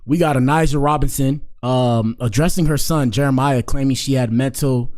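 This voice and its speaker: A man's voice: mid-range voice, normal speed, darkish tone. A man hosting a live stream, chatting in a rambling, slangy way with many fillers. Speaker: streamer host. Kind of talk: casual live-stream commentary.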